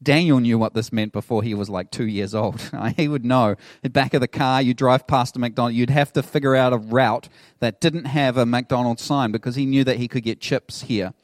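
Chatty pastor preaching. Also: male voice, mid-range voice, moderate pace, hardly any pauses, dry recording, clean studio sound. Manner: conversational, animated storytelling with laughs. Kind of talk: sermon.

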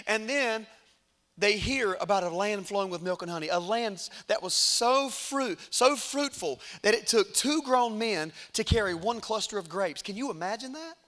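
A man preaching a sermon, retelling a story dramatically and swinging between hushed and loud. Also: high-pitched, animated, normal speed.

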